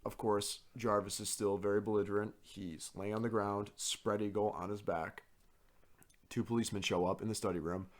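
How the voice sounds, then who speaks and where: A man co-hosting a podcast, telling a story in a casual, animated and profane way. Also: on the low side. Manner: animated, profane, quick to act out others. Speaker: podcast co-host.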